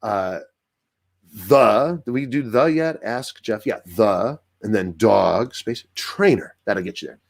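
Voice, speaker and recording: A man working as a dog trainer, explaining in a casual, animated way and acting out what dogs think in little voices. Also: fairly low pitch, slow pace. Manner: animated, acts out dogs' thoughts in voices. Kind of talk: casual instructional talk.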